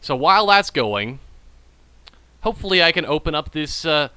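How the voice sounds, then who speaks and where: Over his gameplay, a man who has been drinking keeps up rambling, jokey, self-amused commentary for his channel. His voice is a little high, animated and bright with a forceful edge, and he talks at a moderate pace. The recording is smooth and dry.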